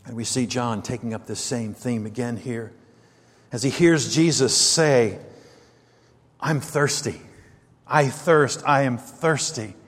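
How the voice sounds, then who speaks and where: A man preaching a sermon, moving from quiet reflective passages to loud, emphatic stresses as he reads and explains scripture. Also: medium pitch, slow pace, pauses often, breathy edge, big-room sound.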